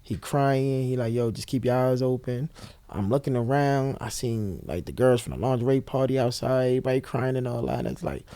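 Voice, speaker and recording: A man from Brooklyn, New York, speaking a little fast at medium pitch with no echo, appears as a guest telling an emotional story. He's animated, acting out other people's voices as he retells it.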